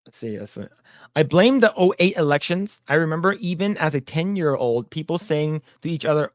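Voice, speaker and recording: This podcast co-host, a man in his thirties, has a fairly high-pitched voice and talks at a normal speed. Chatting casually, he spins rambling stories, swears freely, reads out viewer comments, and imitates voices in quotes. The audio is clean and studio-grade, without any echo.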